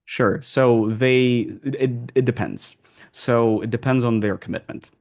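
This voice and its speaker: A man's voice: mid-range voice, fairly even intonation, measured pace, darkish tone. A man who works as an accent coach, answering interview questions in a rambling way with many restarts and fillers.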